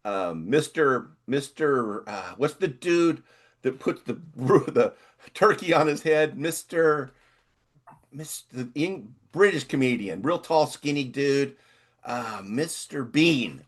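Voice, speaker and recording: An older man co-hosting a casual chat, rambling and reading text aloud in halting bits. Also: mid-range voice, animated. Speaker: podcast co-host.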